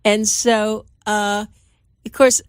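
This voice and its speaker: A woman at a middle pitch hosting a casual interview. She chats freely, with restarts and fillers as she tells her own story. The sound is dry and close. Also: little pitch movement, extremely slow, smooth, no room sound. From Miami Beach, Florida. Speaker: host.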